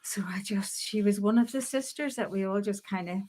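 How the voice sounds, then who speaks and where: An older woman telling her memories in an interview, lively and often laughing. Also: medium pitch, a little fast. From Northern Ireland. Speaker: guest. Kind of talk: storytelling interview.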